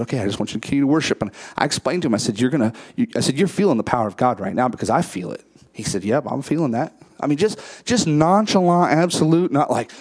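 A male preacher recounts a story from the pulpit in a mid-pitched voice. He drops low and quiet when quoting others, then climbs to high, emphatic peaks on key points. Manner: acts out quoted dialogue in a lower, quieter voice. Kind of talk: sermon storytelling.

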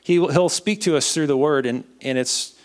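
A young man giving an earnest personal faith testimony, halting and often repeating his words. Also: fairly high pitch. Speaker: speaker sharing a testimony.

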